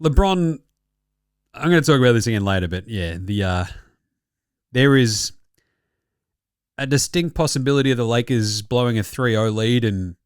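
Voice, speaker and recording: A man's voice: medium pitch, lively intonation, normal speed, pauses often, clean tone, dry recording, studio quality. A man with an Australian accent hosting a basketball podcast, delivering a profane, mocking comic rant and laughing at his own jokes. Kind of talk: sweary comic sports rant.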